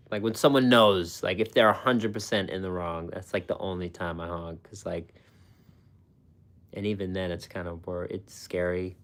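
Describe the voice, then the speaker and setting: A man chats loosely with his viewers, his voice sitting low and deep. He rambles, swears freely and breaks into laughter often, his talk full of "like" and restarts. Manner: rambling and profane, laughs often, many fillers. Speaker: food channel host. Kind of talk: casual live-stream chat with viewers.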